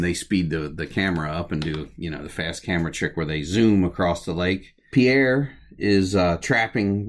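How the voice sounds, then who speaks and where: A man casually recapping the plot of an old comedy short, chatty and relaxed, with many "uh" pauses. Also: lowish voice. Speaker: host of a film recap series.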